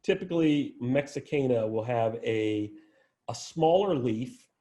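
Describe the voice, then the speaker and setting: A man's voice: medium pitch, expressive, a little slow, dark tone. A man giving an informal plant lecture, conversational, with frequent restarts and asides. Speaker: arboretum director giving a plant talk.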